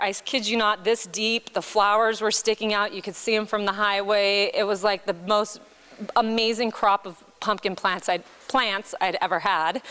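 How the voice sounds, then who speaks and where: A woman who owns a farm, speaking in a news interview and telling her story in an animated, emphatic way. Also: mid-range voice, clean tone. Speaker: farm owner.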